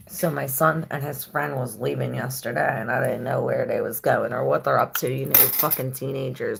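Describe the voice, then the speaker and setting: A woman's voice: sits low, gravelly, breathy edge. A woman doing a casual tarot reading, chatty and loose, swearing freely and drawing out her phrases as she reads the cards. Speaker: tarot reader.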